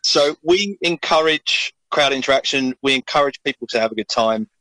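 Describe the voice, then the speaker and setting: A man's voice: medium pitch, moderate pace, sharp tone, no echo, low-quality recording. A man with a South London accent, a band member chatting in a dry, joking way during an interview. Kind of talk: casual interview chat.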